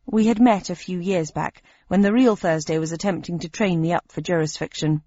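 Woman, audiobook narrator, expressive first-person reading, dull lo-fi tone. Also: fairly low pitch, no room sound.

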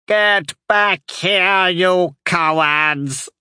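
Hateful old witch, vengeful, slow menacing shouts, pitched up high, a man putting her on. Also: level tone, smooth, dry recording, studio quality, heavily acted.

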